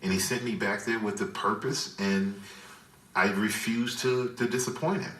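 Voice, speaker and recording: Brief: former football player in interview, bright forceful tone, roomy distant audio with a soft music bed. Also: male voice, fairly low pitch, fairly even intonation, normal speed. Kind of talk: reflective interview storytelling.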